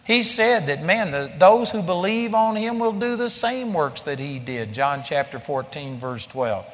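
A man preaching a blunt, forceful sermon, his voice high and swinging widely up and down. Long church-hall reverb rings after his lines. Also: sing-song, a little slow.

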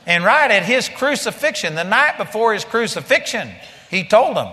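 A man preaching a blunt, forceful sermon, his voice high and swinging widely up and down. Long church-hall reverb rings after his lines. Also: big pitch swings, normal speed.

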